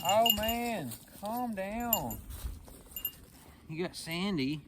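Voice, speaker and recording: A man, talking casually while doing farm chores and calling loudly to his animals. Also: mid-range voice, unhurried, long pauses, noisy background. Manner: calls loudly to animals, chatty and laughing. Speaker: farm vlogger. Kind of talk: casual farm vlog narration. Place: outdoors on a farm.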